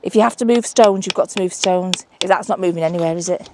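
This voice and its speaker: A woman's voice: fairly low pitch, fast talker, noisy background. A woman on a beach chatting casually and exclaiming over her finds as she searches the shore. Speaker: mudlarking vlogger. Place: outdoors on a beach.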